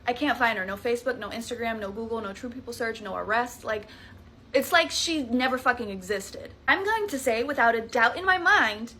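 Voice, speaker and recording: A woman in her thirties with a Southern US accent, telling a scary story in a casual, animated way, swearing freely and adding dramatic asides. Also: fairly high pitch, brisk, a little hiss or hum.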